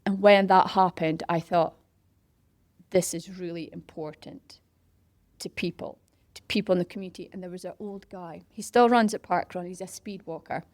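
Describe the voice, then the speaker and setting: Animated woman telling a story. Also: fairly low pitch, normal speed, dry recording. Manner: animated, acts out quoted voices and whispers for effect. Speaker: interview guest, parkrun organiser. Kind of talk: casual storytelling.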